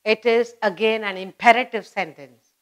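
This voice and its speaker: A woman explaining an English grammar lesson, slowing down and stressing key words as she teaches. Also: a little high. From India.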